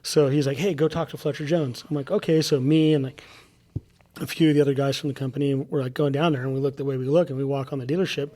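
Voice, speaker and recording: Speaking at a quick clip with a medium-pitched voice, a man appears as a podcast guest and shares stories in a casual chat. He's an animated storyteller who performs the lines other people said to him.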